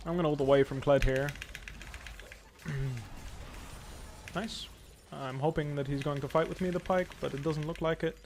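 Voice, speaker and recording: A young man giving live commentary while playing a video game, thinking aloud in a calm, analytical way. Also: a little high, normal speed, long pauses, slight background noise. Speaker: pro gamer streaming.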